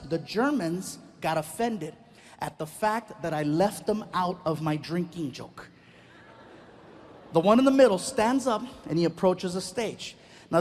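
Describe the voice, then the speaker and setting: A man performing stand-up, telling an animated, self-deprecating story with quick asides. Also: high voice. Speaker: stand-up comedian.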